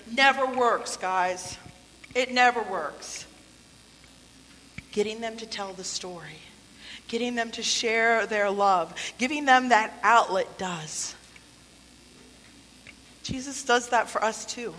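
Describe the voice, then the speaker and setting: A woman's voice: on the high side, measured pace, long pauses, pushed and bright. A woman preaching a sermon in a church, conversational and playful, with asides and acted-out quotes. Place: church sanctuary. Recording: long hall reverb.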